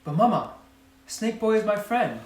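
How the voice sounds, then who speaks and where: A man voicing a young frog boy, cheerful and eager, in a high excited child voice. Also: normal speed, roomy sound, far from the mic.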